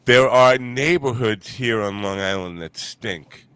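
Bright-voiced man hosting a podcast. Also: medium pitch, a little slow, clear, resonant tone, no room sound. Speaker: podcast host. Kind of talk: casual podcast chat.

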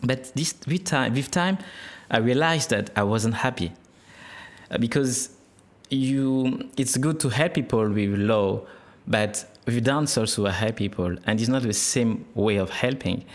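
A man from France with a French accent, a guest in a casual interview, speaking English haltingly as he searches for words. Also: medium pitch. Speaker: guest, dance instructor.

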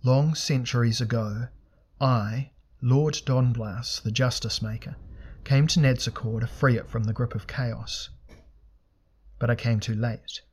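A man reading an audiobook, voicing a calm ancient male god of justice in solemn, archaic, measured speech with a pure, sweet tone. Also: mid-range voice, breathy edge. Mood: serene.

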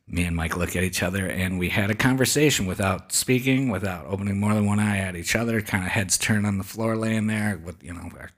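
A man hosting a podcast, telling a story in animated, casual fashion with frequent swearing. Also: lowish voice, brisk, hardly any pauses. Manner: animated, swears freely, hushes for quoted whispers. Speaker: podcast host.

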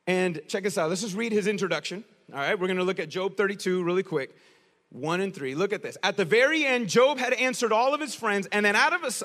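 Male preacher, high pitch, casual slangy sermon, long reverb from the hall. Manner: casual, slangy, animated storytelling.

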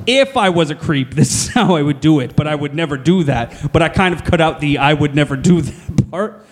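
A man's voice: fairly high pitch, animated, a little fast, noisy background. A man co-hosting a podcast in casual chat, laughing often and correcting himself mid-sentence. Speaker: podcast co-host. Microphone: podcast microphone.

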